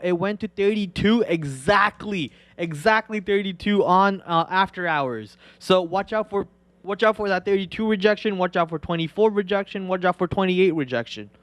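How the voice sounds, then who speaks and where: A man hosting a live stock trading show, talking in an excitable, rambling way with many restarts. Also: sits high, no echo.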